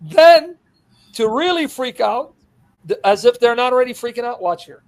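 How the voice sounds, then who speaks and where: Animated high-voiced male preacher. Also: normal speed. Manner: animated, laughs while retelling, acts out scenes. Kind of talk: expository sermon.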